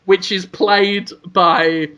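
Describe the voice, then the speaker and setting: A man's voice: sits high, little pitch movement, drawn-out words, sharp tone, clear, resonant tone, muffled recording. A man co-hosting a podcast, spinning absurd comic stories and acting out voices. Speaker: podcast co-host. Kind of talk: comedic casual chat.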